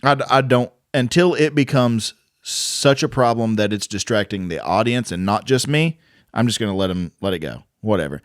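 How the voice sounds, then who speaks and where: A man's voice: on the low side, no echo, studio quality. A young man co-hosting a casual chat about stand-up comedy, explaining his views in a laid-back way. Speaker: podcast co-host, aspiring comedian.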